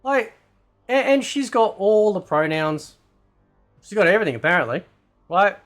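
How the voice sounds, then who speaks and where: A man's voice: high voice, lively intonation, moderate pace, a bit bright, soft background music. A man hosting a ranting commentary video, loose and combative, who keeps asking "right?". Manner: loose, rambling delivery with fillers and swearing. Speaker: commentary channel host.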